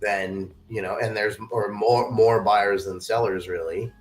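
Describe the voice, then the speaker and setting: A man's voice: on the low side, fairly even intonation, a little slow, soft background music. A man hosting a podcast in casual conversation, swearing freely and filling his talk with "you know" and "like". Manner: casual and profane, stacks fillers like "you know" and "like". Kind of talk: casual chat. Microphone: remote call mic.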